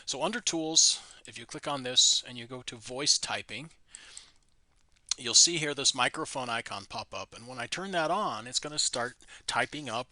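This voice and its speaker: A man presenting a screen-recorded software tutorial, explaining in an easygoing, plain way with small restarts. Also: mid-range voice, moderate pace, no room sound.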